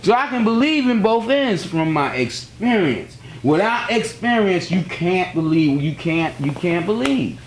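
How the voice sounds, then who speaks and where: Man, religious teacher, slightly high pitch, earnest, repetitive, storytelling. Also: big pitch swings, a little slow, few pauses, slight background noise. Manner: earnest, repeats key phrases, tells personal stories. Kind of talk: spiritual teaching talk.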